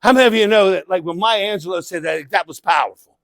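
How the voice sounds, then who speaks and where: A middle-aged man giving a live motivational keynote speech, animated, calling out to the crowd and breaking into shouts. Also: high-pitched, fast, gravelly, dry recording. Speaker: motivational speaker. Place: conference event room.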